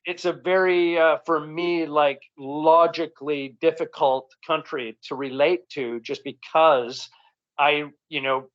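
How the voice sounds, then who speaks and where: Canadian man, comedian guest, slightly high voice, loose rambling delivery, dull lo-fi sound. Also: slow. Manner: rambling, relaxed, frequent restarts. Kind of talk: casual interview chat. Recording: dull lo-fi recording.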